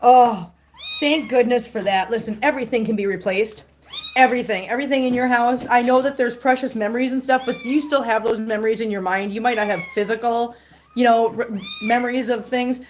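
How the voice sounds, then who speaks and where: A woman's voice: mid-range voice, a little mellow, slight background noise. A middle-aged woman hosting a casual livestream, chatting to viewers and cooing baby talk at her kittens. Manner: answers viewer comments aloud. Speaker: livestream host with cats.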